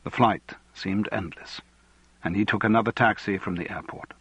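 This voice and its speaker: A man reading a novel aloud as audiobook narrator, measured and even. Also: lowish voice, slightly rough, no room sound, highs cut off. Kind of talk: scripted narration.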